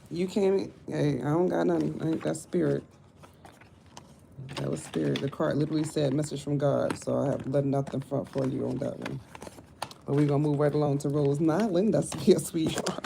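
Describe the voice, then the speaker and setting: Gravelly low-voiced woman tarot reader. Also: fairly even intonation, moderate pace, mellow, a little hiss or hum. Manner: blunt, talkative, cussing, slangy. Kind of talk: casual live tarot reading.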